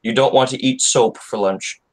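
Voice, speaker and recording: A man speaking as a native English co-host in a casual chat, relaxed and joking at times. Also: mid-range voice, moderate pace, poor audio.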